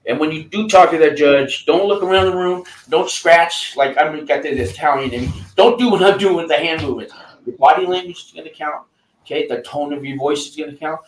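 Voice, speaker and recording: A man hosting a casual chat, giving rambling advice with many halting restarts and fillers. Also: on the high side, roomy sound, low-quality recording. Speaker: host coaching a guest.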